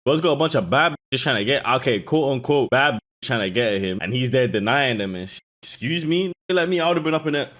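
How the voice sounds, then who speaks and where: Animated slangy man reacting to clips. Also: mid-range voice, a little fast, few pauses. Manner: animated and joking, heavy slang, talks to chat. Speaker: reaction video host. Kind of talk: casual reaction commentary.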